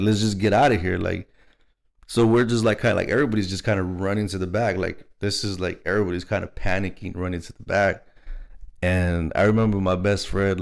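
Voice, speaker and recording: A man's voice: on the low side, gravelly. A young man from Texas, telling a personal story in a rambling, casual way, full of "like" and "you know what I mean". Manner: rambling, filler-heavy, laughing storyteller.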